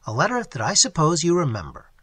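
A man voicing an older professor, placid, teasing, husky, very lively pitch, dry close sound. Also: fast talker, no echo, heavily acted. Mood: placid, amused. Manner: calm, dry, gently teasing. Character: older male zoo professor, placid, amused, nearsighted. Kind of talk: audiobook character reading.

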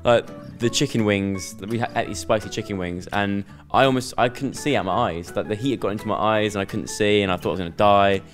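A man's voice: lowish voice, brisk, hardly any pauses, faint music behind. A young man chatting casually in an interview, rambling and joking. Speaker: YouTuber guest. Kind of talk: casual chat.

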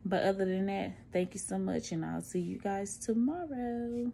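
A woman's voice: medium pitch, normal speed, gravelly, hardly any pauses, dark tone, a little hiss or hum. A middle-aged woman, chatting candidly to a phone camera at home, out of breath and tired after surgery. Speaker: vlogger. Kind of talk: casual post-surgery recovery vlog.

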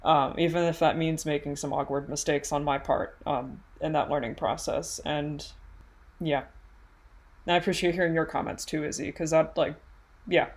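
A woman's voice: sits low, fairly even intonation, normal speed. A woman co-hosting a podcast in casual chat, earnest and hesitant, with many ums and giggles.

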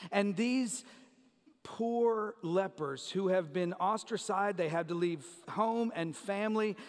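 High-voiced man preaching in a reverberant church. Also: clear, resonant tone. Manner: conversational preaching, asides to the congregation. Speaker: pastor. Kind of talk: sermon. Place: church sanctuary.

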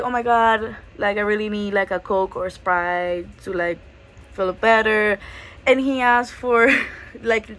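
A young woman vlogger casually retelling a hectic trip, acting out what people said with laughs along the way. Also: medium pitch. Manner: animated retelling with quoted dialogue and laughs. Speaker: travel vlogger. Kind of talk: casual storytime.

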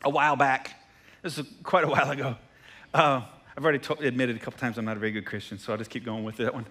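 A male pastor preaching a sermon, an animated storyteller who pokes fun at himself and keeps asking the room "right?". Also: medium pitch, fast. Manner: animated storyteller with self-deprecating asides, tags lines with "right?".

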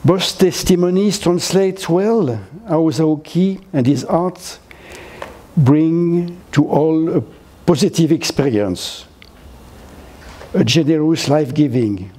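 An older man from France with a French accent, giving a gallery lecture in halting English, full of fillers and restarts. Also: fairly high pitch, dark tone. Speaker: guest lecturer. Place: lecture hall, seated.

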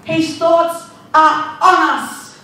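A woman pastor preaching a fervent sermon, slowing down to stress key words. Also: very high-pitched, steady tone, sharp tone. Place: church hall. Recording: very echoey hall, heard from a distance.

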